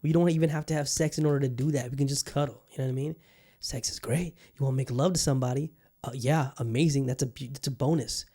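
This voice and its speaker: A man's voice: medium pitch, fairly even intonation, fast, dark tone. A man in his thirties hosting a podcast in candid, profane, rambling casual chat. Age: 30s. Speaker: podcast host.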